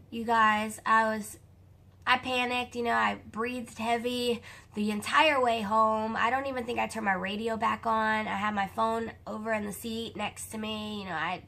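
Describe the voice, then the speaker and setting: Young Southern woman, vlogger, animated storyteller; bright tone with a gravelly edge. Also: fairly high pitch. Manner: animated, chatty, addresses viewers as you guys. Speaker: vlogger telling a personal story. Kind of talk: casual storytelling to camera.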